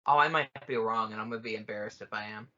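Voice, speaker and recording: Bright-voiced man, casual podcast banter. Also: fairly low pitch, quick pace, highs cut off. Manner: joking, swears often. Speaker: podcast co-host. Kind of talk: casual film commentary chat.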